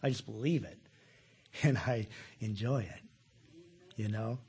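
A man preaching a sermon, animated, repeating words, with sudden loud bursts. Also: fairly low pitch, a little slow, husky. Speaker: pastor.

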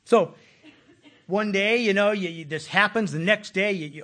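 Husky preacher, lively bursts. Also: male voice, sits high, fairly quick. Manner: animated, repeats words, chuckles, sudden loud bursts. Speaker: pastor. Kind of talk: sermon.

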